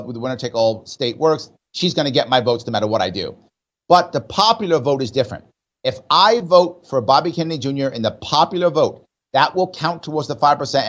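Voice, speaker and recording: A man's voice: mid-range voice, a bit bright, lo-fi sound. A man with a New York accent, an emphatic political guest in a radio interview who keeps asking rhetorical questions.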